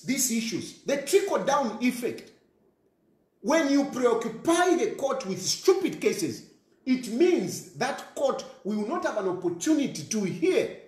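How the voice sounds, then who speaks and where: A Zambian politician with a Zambian accent delivers a scolding rant, hammering the same points again and again. His pitch leaps around with animated swings. The room around him is echoey. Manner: scolding, repetitive, insulting. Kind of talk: ranting commentary.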